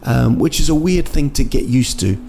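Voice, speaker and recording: Animated and gravelly, a warm mid-range male voice moves at a normal speed, with a little hiss or hum in the background. The podcast host rambles and jokes through a casual solo episode, full of fillers and restarts, recorded indoors in a city at night.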